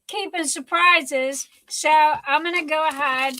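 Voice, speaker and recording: A woman's voice: high voice, steady tone, slow pace, pushed and bright, a little hiss or hum, poor audio. A middle-aged woman hosting her livestream at home, gushing and talking through tears. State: tearful. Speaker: livestream host. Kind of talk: casual live chat.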